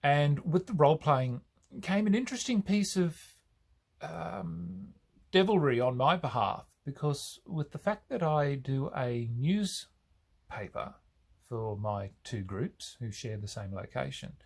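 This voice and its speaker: An Australian man talking to camera in a casual vlog, hesitant and pausing often. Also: a little high, expressive, gravelly, a little mellow, breathy edge. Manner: hesitant, with many pauses and fillers. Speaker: video creator.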